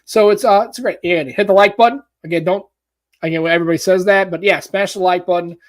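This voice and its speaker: A man's voice: high voice, steady tone, fast. Joking American man hosting. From United States. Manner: loose, joking, swears freely. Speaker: podcast co-host. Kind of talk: casual podcast chat.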